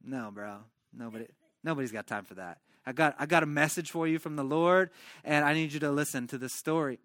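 A man voicing a stern but caring male prophet who speaks low, quiet and firm. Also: fairly even intonation, brisk, no echo, lightly acted. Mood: flat firm.

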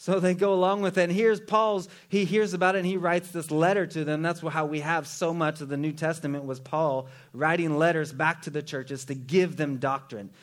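A man preaching a sermon in a relaxed, conversational way with joking asides. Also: on the high side, normal speed, hardly any pauses. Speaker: pastor.

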